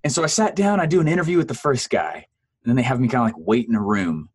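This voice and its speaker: Animated man telling his story. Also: fast, breathy edge. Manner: animated storyteller, acts out quoted voices with big pitch jumps; laughs often, fillers like "uh" and "man". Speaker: guest. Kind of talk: storytelling in a casual interview.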